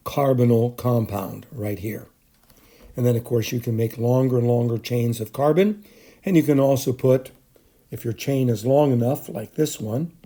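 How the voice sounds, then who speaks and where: A middle-aged male teacher talks through a chemistry screencast in a warm, mellow voice. He speaks off the cuff, with frequent ums and self-corrections. His pitch sits in an ordinary middle range for a man. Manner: unscripted, many fillers and restarts. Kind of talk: recorded lecture screencast.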